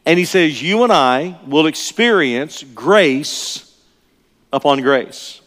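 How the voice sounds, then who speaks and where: A man's voice: a little high, lively intonation, slow pace, fairly bright tone. An older male pastor delivering a sermon in an earnest, emphatic way, often repeating his key phrases. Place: church sanctuary. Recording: long reverb of a large church hall.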